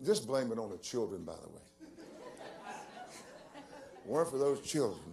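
An older male pastor preaching a sermon, moving from soft, musing asides to loud, drawn-out emphasis, repeating phrases and chuckling as he goes. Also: medium pitch, big pitch swings, vocal fry, crowd noise. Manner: swings from quiet musing to loud, stretched-out emphasis.

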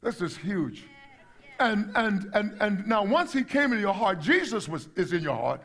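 A man's voice: high-pitched, big pitch swings, moderate pace, fairly bright tone. A pastor preaching a sermon, emphatic, climbing to exclamations and repeating his words as he goes.

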